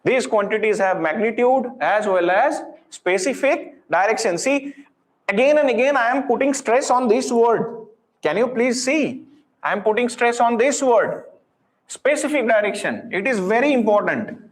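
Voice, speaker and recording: A man's voice: very high voice, moderate pace. A man with an Indian English accent teaching physics in a live online class, encouraging and full of repeated praise, dropping into Hindi. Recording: roomy echo.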